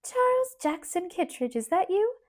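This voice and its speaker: A woman voicing a bustling, peppery middle-aged schoolteacher aunt with a twang, speaking in a brisk, teacherly manner in an audiobook. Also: very high-pitched, sing-song, pitched above the performer's own voice. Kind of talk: audiobook character voice.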